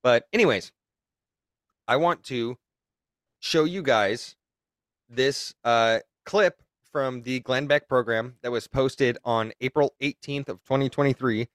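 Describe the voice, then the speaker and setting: A man's voice: medium pitch, slow pace, fairly bright tone, dry recording. A man hosting a podcast in loose, casual chat, with plenty of swearing. His voice sits in a middle range and is recorded close and dry. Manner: loose and profane, sharing his screen. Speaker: podcast host.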